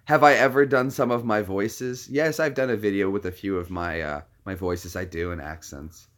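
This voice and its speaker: A man's voice: lowish voice, moderate pace, fairly bright tone. A man hosting a casual live stream, rambling and slipping into voice impressions mid-sentence.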